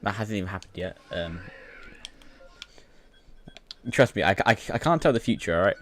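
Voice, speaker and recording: Rambling British man with a low voice. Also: lively intonation, quick pace. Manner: rambling, full of fillers and restarts. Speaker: YouTuber. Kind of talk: casual gaming commentary.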